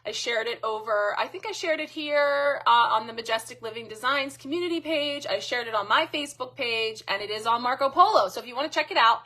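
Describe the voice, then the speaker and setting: A woman's voice: a little high, fairly quick, hardly any pauses, sharp tone. A middle-aged woman hosting a live card reading, chatting casually and thanking viewers by name. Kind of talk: casual live-stream chat.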